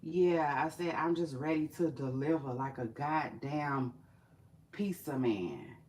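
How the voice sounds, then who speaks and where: A woman vlogging in casual chat to camera, animated, profane and chatty, talking straight to her viewers. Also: sits low, slow, a little hiss or hum.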